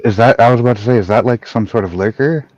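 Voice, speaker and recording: A man making wry, deadpan quips in a casual chat with friends. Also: medium pitch, fast, no echo, muffled recording.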